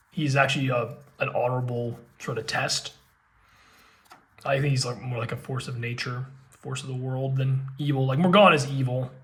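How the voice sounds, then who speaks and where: A man hosting a casual card-game unboxing, excitable and gushing, with frequent exclamations. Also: mid-range voice.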